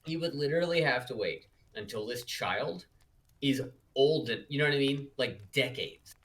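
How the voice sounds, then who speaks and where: A man's voice: mid-range voice, lively intonation, moderate pace, a bit bright, poor audio. A man co-hosting a casual book-review podcast, wry and incredulous. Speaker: podcast co-host.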